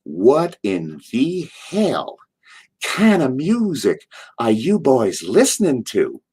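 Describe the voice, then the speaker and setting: A blunt, commanding older wrestling man with a low voice, as a storyteller slips into him. He drags each word out slowly and firmly, like a boss handing down a rule. The voice sits lower than a typical man's. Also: very animated. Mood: gruff amusement.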